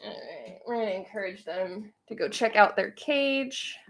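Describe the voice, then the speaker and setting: A woman's voice: mid-range voice, moderate pace, gravelly. A woman from Central Virginia hosting a home livestream, chatting casually with viewers and reading their comments aloud. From Central Virginia, United States. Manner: chatty, musing, reads chat aloud. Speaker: livestream host. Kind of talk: casual chat with live viewers.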